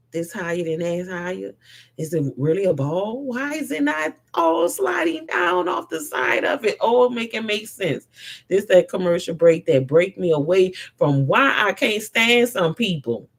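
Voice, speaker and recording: Impassioned high-voiced woman preaching. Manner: impassioned, preachy, swings from loud to soft. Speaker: host. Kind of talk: spiritual monologue to a live audience.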